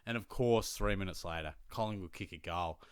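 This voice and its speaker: Laid-back Aussie bloke telling a yarn. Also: male voice, deep voice, brisk, smooth, dry recording, clean studio sound. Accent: Australian. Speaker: podcast host. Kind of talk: casual storytelling.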